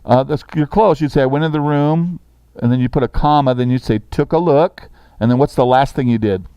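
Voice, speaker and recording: A middle-aged man teaches a sixth-grade language class briskly and encouragingly, reading sentences slowly so students can copy them. His mid-range voice is dark, clear, and resonant, in a dry recording.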